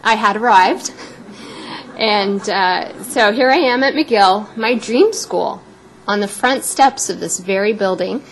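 A woman in her fifties from Canada giving a prepared, personal speech as a guest speaker, warm and a little emotional. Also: medium pitch, takes it slowly, a little hiss or hum, low-quality recording.

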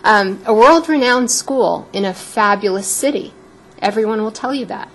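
A woman in her fifties from Canada giving a prepared, personal speech as a guest speaker, warm and a little emotional. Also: medium pitch, normal speed, rough recording.

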